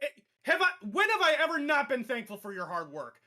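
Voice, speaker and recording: A young male host with a high, bright voice tries to reason with an angry colleague. He insists firmly and keeps appealing to calm. He sounds earnest and persistent. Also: brisk. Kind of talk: heated on-air confrontation.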